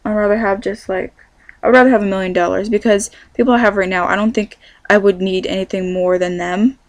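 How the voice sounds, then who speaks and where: A woman's voice: mid-range voice, steady tone, fairly quick, no echo. A young woman in her teens with a Californian accent, chatting casually to camera from her bedroom and rambling with plenty of self-corrections. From California, USA. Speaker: vlogger.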